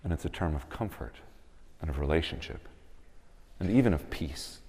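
A man's voice: extremely low pitch, animated, moderate pace, a little mellow. A man in his thirties preaching a sermon, telling stories and building to emphatic appeals. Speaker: pastor. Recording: long reverb of a church hall.

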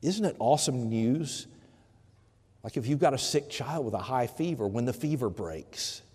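A man's voice: medium pitch, animated, normal speed, a little mellow, husky. Man preaching in a reverberant hall. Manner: conversational, repeats words, acts out quoted voices. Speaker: pastor. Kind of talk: sermon.

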